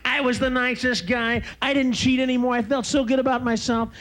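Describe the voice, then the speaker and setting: A man's voice: very high voice, fairly even intonation, fairly quick, a bit bright. A man performing an explosive stand-up comedy routine, bursting into screams.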